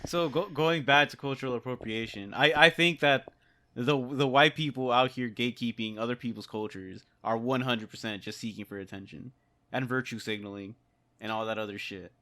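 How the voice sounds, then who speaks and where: A man making his point on a casual podcast with slang and plenty of swearing. His tone is bright and forceful and carries real punch. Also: mid-range voice, fairly quick. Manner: emphatic, swears freely, slangy. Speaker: podcast co-host. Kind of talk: casual chat.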